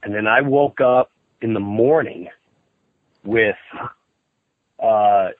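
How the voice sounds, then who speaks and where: Animated man on a thin phone-like line. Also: slow pace, no echo. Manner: animated storyteller, acts out quotes in a high excited voice. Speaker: podcast host. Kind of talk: casual interview chat. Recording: thin phone-like sound, dry.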